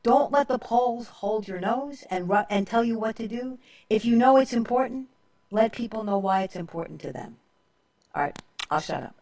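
Recorded from a distance, an older woman's voice runs on the high side with lively intonation, a darkish tone, and a moderate pace. She hosts a political talk show on the radio, and her storytelling is emphatic, frequently punctuated by "okay?"

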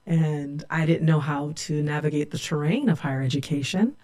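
A woman's voice: low-pitched, expressive, normal speed, few pauses, darkish tone. A middle-aged woman from California, a sociology professor, telling her own story in a reflective, candid way. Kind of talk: personal storytelling.

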